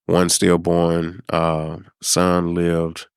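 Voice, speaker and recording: A middle-aged man from South Dallas, a podcast guest telling a personal story in an unhurried, reflective way, with many pauses and fillers. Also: deep voice, completely flat delivery, clear, resonant tone, no room sound, studio quality. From South Dallas, Texas. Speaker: podcast guest, former high school principal.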